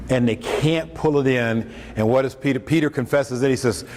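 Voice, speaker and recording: Speaking at a normal speed with few pauses, a man in a mid-range, slightly mellow voice preaches on scripture during a lunchtime talk. His style is conversational, full of joking asides and dramatized quotes. Faint room noise and the echo of a hall come through a distant microphone.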